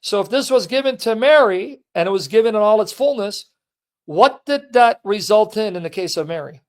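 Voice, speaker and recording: A man hosting a live stream, lecturing a caller in a heated, forceful way. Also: high-pitched, expressive, normal speed. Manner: forceful, lecturing, berating chat commenters. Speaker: livestream host. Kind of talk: heated live teaching and chat.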